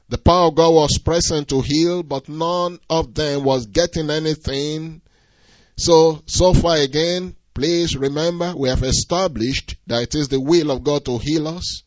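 A man's voice: fairly high pitch, no echo. A man preaching a sermon in an emphatic, repetitive cadence, often adding "you see". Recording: dull lo-fi recording.

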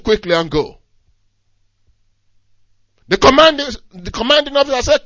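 A man preaching a sermon, moving from near-hushed lines to shouted emphasis, with repetitive, emphatic phrasing. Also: very high-pitched, lively intonation, normal speed, long pauses, no room sound, highs cut off.

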